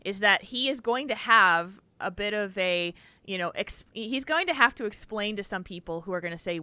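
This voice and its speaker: Bright, earnest woman podcast co-host. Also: medium pitch, animated, normal speed, smooth, no room sound. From Wisconsin, US. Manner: earnest, advice-giving, with frequent you-knows. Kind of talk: casual podcast chat.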